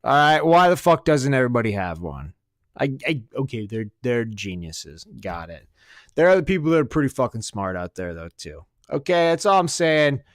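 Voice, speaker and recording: Male podcast host, smooth clear voice, dry close sound, profane rambling rant with sarcastic asides. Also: mid-range voice, very animated, normal speed, dry recording. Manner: swings between loud outbursts and muttered asides. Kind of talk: casual comedic rant.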